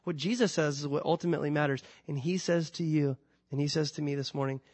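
A man preaching a sermon in an animated, conversational way, asking his listeners questions and swinging from loud rises to soft drops. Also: fairly high pitch, a little fast. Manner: conversational, asks the congregation questions. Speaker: pastor.

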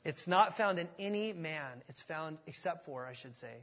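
A man's voice: on the high side, expressive, moderate pace, a bit bright, in a large hall. A man preaching a sermon as a pastor, talking in a conversational way and often asking the congregation questions.

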